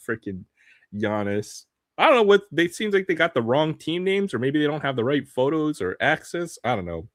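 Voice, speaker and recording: A man's voice: a little high, big pitch swings, normal speed, no room sound, clean studio sound. A man hosting a live stream, chatting casually while opening sports cards, laughing often and trailing off with ums.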